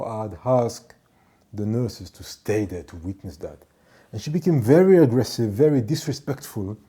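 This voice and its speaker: A man telling a story from his work as a ship's doctor and department head, in a measured, emphatic way that repeats points for stress. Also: medium pitch, warm tone. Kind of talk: storytelling monologue.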